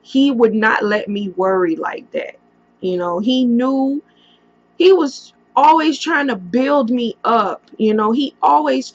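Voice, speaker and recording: Slow, gravelly woman telling a painful story. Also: mid-range voice, lo-fi sound. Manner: halting, emotional retelling with many pauses and fillers. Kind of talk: casual storytime vlog. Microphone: computer mic.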